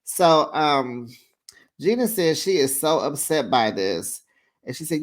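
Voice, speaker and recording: A reality TV recap host giving casual, sassy commentary, chatty and quick to laugh. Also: medium pitch, big pitch swings. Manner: chatty and sassy, with frequent laughs and acted-out quotes.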